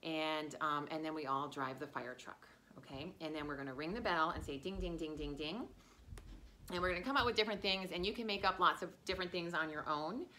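Brief: woman, daycare teacher, bright and sing-song, pitched for small kids. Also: fast, hardly any pauses, slight background noise. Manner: playful, sing-song, exaggerated for young children. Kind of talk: children's lesson with sung chants.

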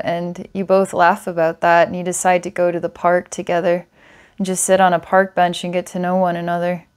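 A woman's voice: fairly low pitch, clean tone. A woman psychic giving a client a past-life reading, meandering with filler words and small laughs. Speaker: psychic reader.

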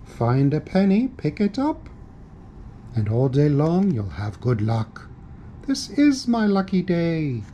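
A man's voice: a little high, wildly swooping pitch, slow, warm tone, muffled recording, slight background noise, full character voice. A man voicing a genteel, unflappable cartoon panther who stays cheerful and polite. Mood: calm.

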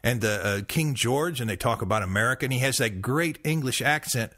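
A man's voice: mid-range voice, expressive, brisk, sharp tone. A man with an ordinary, mid-range voice serves as co-host. He breaks into the lesson with curious, chatty questions and short replies. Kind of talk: casual chat.

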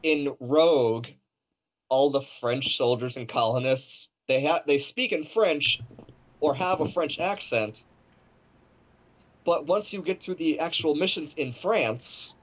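A man's voice: a little high, slow pace, rough recording. A man co-hosting a casual gaming podcast, rambling and laughing often. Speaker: podcast co-host.

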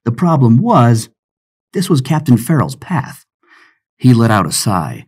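A man narrating an adventure audiobook with expressive storytelling. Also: medium pitch, measured pace, pauses often, slightly rough.

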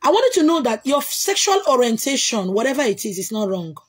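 Nigerian lady chatting on a live stream, kinda breathy voice, loud bursts, repeats herself a lot. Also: fairly high pitch, very animated, brisk. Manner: emphatic, repetitive, bursts of loud exclamation. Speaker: livestream host answering comments. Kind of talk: casual chat.

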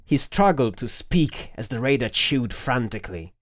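Man narrating a dark fan-fiction audiobook. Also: mid-range voice, sing-song, normal speed, dry recording, studio quality.

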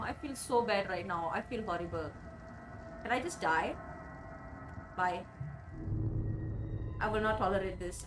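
A woman giving chatty, excitable let's-play commentary, swearing now and then and talking to the characters on screen. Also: mid-range voice, measured pace, long pauses, distant mic, over music. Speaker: gaming video creator.

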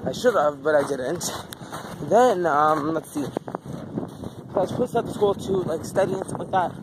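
A man with a fairly high, expressive voice vlogs casually at a moderate pace on a handheld phone, rambling, frustrated and swearing constantly. He's outdoors with wind noise at first, then at home.

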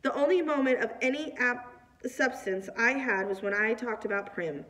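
A woman reading a novel aloud, in a plain, steady way with a few small slips. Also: on the high side, normal speed, far from the mic. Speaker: reader.

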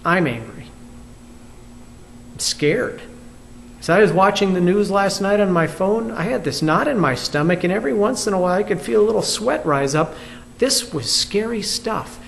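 A man's voice: high-pitched, expressive, normal speed, gravelly, a little hiss or hum. A pastor from the United States giving a candid, reflective video sermon and asking his listeners questions. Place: church.

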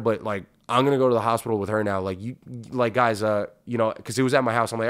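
A man hosting a podcast, telling a long story in a casual, profane, animated way and acting out what people said. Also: mid-range voice, fast talker. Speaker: podcast host.

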